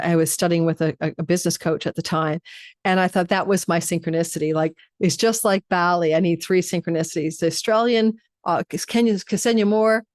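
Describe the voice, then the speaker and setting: A woman's voice: lowish voice, no echo, clean studio sound. A middle-aged woman, an astrology host, talking casually to her viewers and telling a rambling story with frequent restarts.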